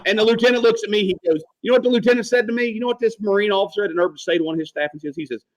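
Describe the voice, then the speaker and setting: A former Marine telling profane, animated service stories on a casual podcast. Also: male voice, high voice, very fast, highs cut off. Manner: profane, animated storyteller acting out quotes.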